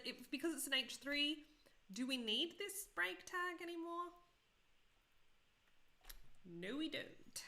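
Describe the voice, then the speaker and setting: A woman's voice: on the high side, pushed and bright, slight background noise. A woman in her thirties teaching a live-streamed coding tutorial, chatty and self-deprecating, often asking viewers questions.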